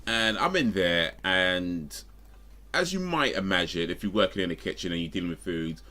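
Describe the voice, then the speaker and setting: Man, deep voice, casual streamer, rambling storytelling, self-correcting. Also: expressive, normal speed, sharp tone. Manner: rambling, self-correcting, with frequent fillers and asides.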